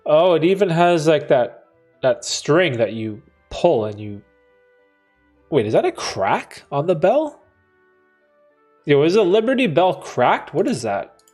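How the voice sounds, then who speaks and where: A man's voice: on the high side, sing-song, a little slow, long pauses, darkish tone, soft background music. A young man hosting a livestream, chatting casually with slang and frequent laughs while reading comments aloud. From Canada. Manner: laid-back, slangy, laughs often, reads chat aloud. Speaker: livestream host.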